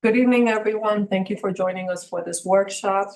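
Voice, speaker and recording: A woman's voice: medium pitch, a little fast, darkish tone, reverberant, slight background noise, poor audio. A woman school superintendent presents to a board meeting, explaining plans with frequent ums and uhs.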